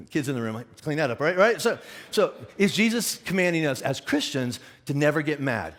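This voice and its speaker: A middle-aged man preaches from the pulpit in a chatty, animated way, acting out the listeners' doubts and tripping over restarts. His voice sits high for a man and swings widely in pitch. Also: moderate pace. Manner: animated, conversational, many restarts and acted questions. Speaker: pastor. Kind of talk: sermon.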